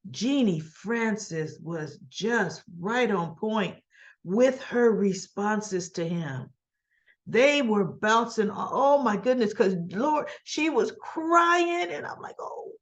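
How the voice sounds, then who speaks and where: A woman casually recapping a soap opera episode, chatty and laughing often as she acts out the characters' lines. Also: fairly high pitch.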